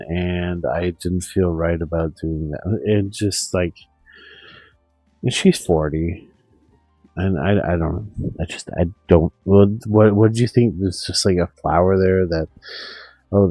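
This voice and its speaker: A man's voice: deep voice, darkish tone, no echo, low-quality recording. A man streaming a profane, meandering rant full of restarts. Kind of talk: rambling monologue.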